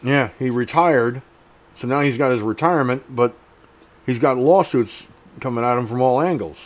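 A middle-aged man with a mid-range voice hosts an online news show at a moderate pace. He reads an article aloud, then breaks off into blunt, profane, indignant commentary.

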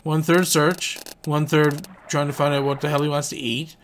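A man giving lively let's play commentary on a fishing game, swearing and coaxing and scolding the fish as he plays. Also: fairly high pitch, fairly quick, slight background noise. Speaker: gaming channel host.

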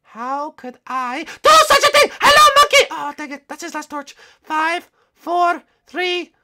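A man putting on a silly high-voiced monkey hunter, chanting in a gleeful sing-song during gameplay commentary. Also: steady tone, slow, noisy background, full character voice.

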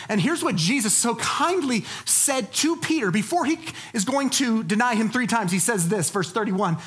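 A woman pastor delivering a sermon, lively and dynamic, dropping to low, soft tones for emphasis. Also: normal speed, hardly any pauses.

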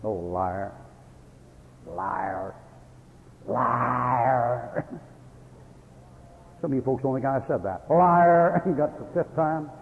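Fiery older preacher on tinny radio. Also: male voice, mid-range voice, slow, pauses often. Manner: folksy storytelling with sudden angry outbursts and chuckles. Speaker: Baptist preacher. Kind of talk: folksy fiery sermon. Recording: tinny phone-like old radio broadcast in a hall.

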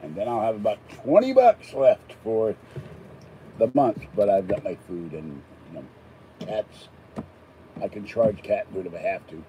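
A man's voice: on the low side, very animated, a little slow, mellow, slight background noise, rough recording. An older man from Pittsburgh, chatting casually and rambling between topics as he unboxes an item. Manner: chatty, digressive, self-deprecating asides. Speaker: unboxing vlogger.

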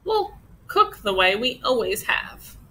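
A woman's voice: fairly high pitch, very animated, slow, bright, forceful tone, slight background noise, full character voice. A woman voicing a bossy, snappish cat in a picture book read-aloud. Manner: snappish, later tearful. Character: grumpy bossy cat, male.

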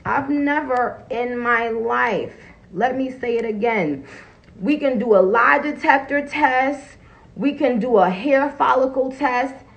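A woman with a gravelly voice full of fry, chatting casually on a phone livestream from home. She is blunt and swears freely. She laughs often and stops mid-thought to greet her viewers. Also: fairly high pitch, slow pace, poor audio. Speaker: live streamer greeting viewers.

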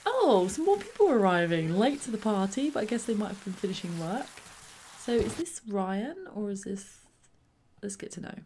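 A woman hosting let's play commentary, bubbly and excitable, sometimes dropping into soft whispers. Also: mid-range voice, moderate pace, a little hiss or hum. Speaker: gaming channel host.

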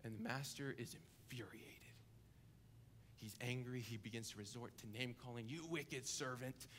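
A young adult coordinator preaching a sermon in church, telling a story vividly, dropping to a hush and then building to emphasis. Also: male voice, medium pitch, flat delivery, moderate pace, a little hiss or hum. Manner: vivid storytelling, acting out the characters; swings between hushed and emphatic. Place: church service, live-streamed.

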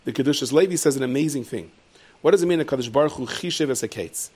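A man giving a lively Torah lecture as a rabbi, jumping into high, loud voices when he tells stories. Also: fast talker, slightly rough. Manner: lively storyteller, leaps into high shouted voices for characters. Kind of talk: animated Torah lecture with storytelling.

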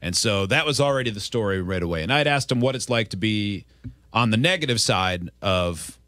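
A man hosting a casual sports interview, telling stories and quoting people with animated delivery. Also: lowish voice, a little fast, no room sound, studio quality. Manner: storytelling, animated quotes. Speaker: radio host.

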